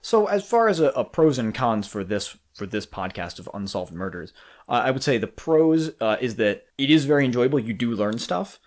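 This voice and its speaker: A man's voice: mid-range voice, moderate pace. A man co-hosting a podcast in casual chat, talking through his opinions with restarts and the odd swear word. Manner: animated, profane, talks through thoughts with restarts. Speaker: podcast co-host.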